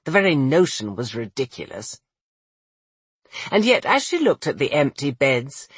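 An audiobook narrator reading a fantasy novel in a measured, expressive way. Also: mid-range voice, slightly rough, no echo. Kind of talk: scripted narration.

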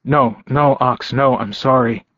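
A man's voice: mid-range voice, measured pace, fairly bright tone, dry recording, lo-fi sound, natural voice. A man reading an audiobook, voicing a young male werewolf who pleads desperately with his mate. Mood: remorseful. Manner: pleading, urgent.

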